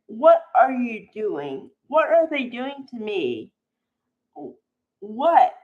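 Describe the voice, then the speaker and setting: A woman's voice: high voice, dull audio. A woman chatting casually as a soap opera commentator, frank and chatty, laughing often and calling people honey.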